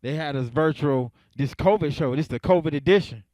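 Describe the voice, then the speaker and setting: Young guy doing standup, kinda high voice, dry close sound, chuckles a lot, drags out the punchlines. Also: darkish tone, dry recording. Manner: laid-back, chuckles between jokes, drawn-out punchlines. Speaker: stand-up comedian. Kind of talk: stand-up comedy set.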